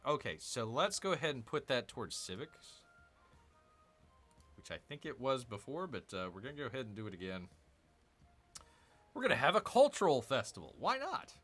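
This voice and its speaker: A man streaming a strategy game, talking casually through each move. His voice is bright and bouncy, with muttered grumbles at the game and playful growls tossed in. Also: medium pitch. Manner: chatty, muttering asides, playful mock growls. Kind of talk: casual live gameplay commentary.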